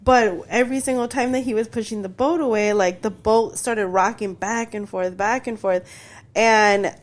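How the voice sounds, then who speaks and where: A young woman co-hosting a podcast, excitedly telling a story and saying "like" and "literally" a lot. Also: mid-range voice, moderate pace. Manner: excitable, laughing, repeats "like" and "literally". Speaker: podcast co-host. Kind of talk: casual storytelling chat.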